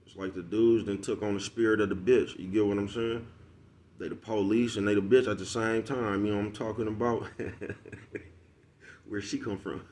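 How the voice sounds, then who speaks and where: A man's voice: fairly low pitch, darkish tone. A man talking casually to his followers in a loose street-slang monologue, laughing often and asking "you know what I'm talking about" again and again. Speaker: vlogger.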